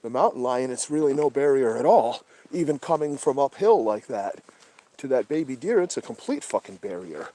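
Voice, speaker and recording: A man hosting a livestream outdoors at night, talking casually and swearing a lot, often dropping to a hushed whisper. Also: mid-range voice, very animated, normal speed. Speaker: livestream host. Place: outdoors at night in brush by a creek.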